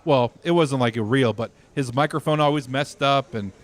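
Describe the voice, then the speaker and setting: A man's voice: medium pitch, normal speed. A man co-hosting a podcast, chatting casually with many fillers and reading listener comments aloud. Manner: hesitant, filler-heavy, reads out comments. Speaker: podcast co-host. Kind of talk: casual chat.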